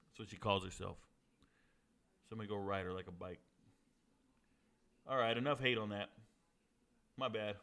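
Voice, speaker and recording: A man from Georgia hosting a live sports watch party, chatting and joking with viewers and reacting loudly to plays. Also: on the low side, normal speed, pauses often, clear, resonant tone. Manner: joking banter with chat, excited outbursts. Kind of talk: casual live-stream commentary.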